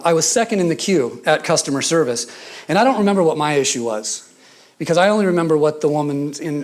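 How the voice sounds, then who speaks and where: A man with a Scottish accent preaching a sermon, mixing scripture with humorous stories and hushed asides. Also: fairly high pitch. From Scotland. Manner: storytelling with humor, drops to a whisper for emphasis.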